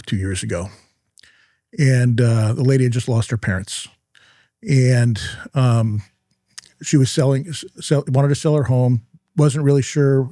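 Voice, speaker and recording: A middle-aged man, a guest in an interview, telling stories in a halting way that often restarts and repeats words. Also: medium pitch, dark tone, dry recording, clean studio sound. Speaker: guest, real estate investor. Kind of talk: conversational storytelling.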